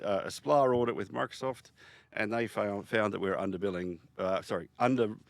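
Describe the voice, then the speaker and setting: A man's voice: on the low side, gravelly, no room sound. A middle-aged man talking as a podcast guest, telling his story with emphasis and frequent restarts. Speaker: podcast guest, software founder. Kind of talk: casual interview talk.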